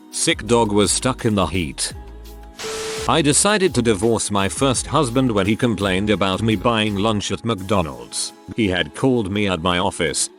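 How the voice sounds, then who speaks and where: A man with a lowish voice reads a run of short stories aloud. His delivery is even and matter-of-fact, with faint music playing underneath. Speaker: narrator reading online stories. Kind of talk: scripted narration.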